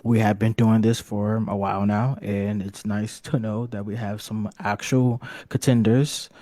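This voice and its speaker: Man hosting, lowish voice, dark, dry, rambling, swears. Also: flat delivery, dry recording. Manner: rambling, halting, profane. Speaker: press conference host. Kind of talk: comedic hobby role-play.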